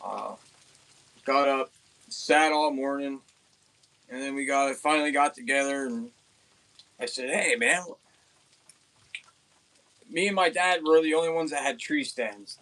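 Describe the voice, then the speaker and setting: A young man from Pennsylvania, hosting an outdoors channel, telling a rambling, excited hunting story with many restarts. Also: medium pitch, moderate pace, long pauses. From Pennsylvania, USA.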